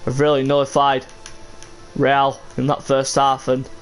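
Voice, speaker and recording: A man's voice: medium pitch, monotone, unhurried, soft background music. Exasperated man commentating a game. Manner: frustrated, exasperated, bursts into shouts. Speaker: streamer commentating his own game.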